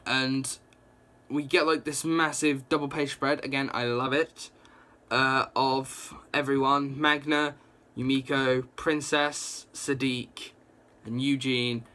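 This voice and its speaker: A young man recapping a comic book issue in a casual, excited ramble, full of "like" and quick reactions. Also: medium pitch.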